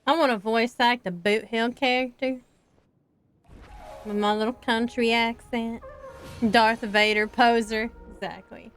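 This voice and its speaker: A woman's voice: a little high, a little slow, slight background noise. A woman streamer giving casual live commentary over a game, with playful, chatty reactions.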